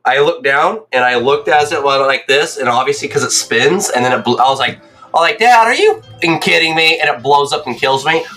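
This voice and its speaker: Young man, game streamer, casual rambling chat, bright tone, mid pitch. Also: a little fast, soft background music. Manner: rambling storyteller, keeps checking in with "right?"; excitable, swears.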